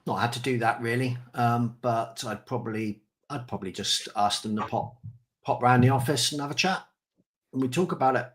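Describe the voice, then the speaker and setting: Man answering hesitantly on a call. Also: mid-range voice. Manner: hesitant, measured. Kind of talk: casual podcast chat.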